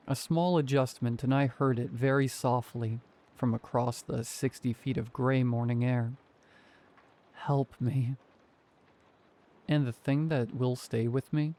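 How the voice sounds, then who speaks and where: A man reading a horror story aloud as scripted narration, in a calm, measured way. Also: medium pitch.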